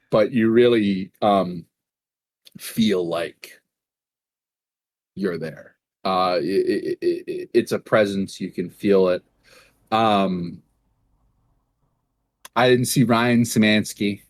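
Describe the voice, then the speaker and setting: A young man from Massachusetts rambles through a casual podcast chat in a lowish voice. He curses freely and gets animated when he acts out what people said to him. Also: slight background noise. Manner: rambling, profane, animated in retold dialogue. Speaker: podcast co-host.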